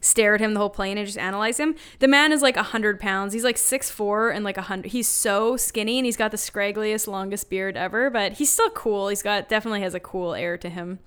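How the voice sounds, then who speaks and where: A woman's voice: mid-range voice, fairly bright tone, clear, resonant tone. A young woman from Saskatchewan, co-hosting a podcast in casual chat and laughing often. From Saskatchewan, Canada. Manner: chatty, laughs often, drawn-out sign-off. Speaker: podcast co-host.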